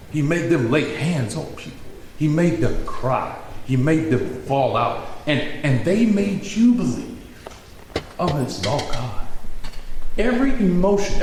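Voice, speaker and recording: A former pastor, telling his story to an audience, swinging from high and loud to low and quiet. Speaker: former pastor giving a talk. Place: large auditorium. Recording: echoey hall, faint room noise.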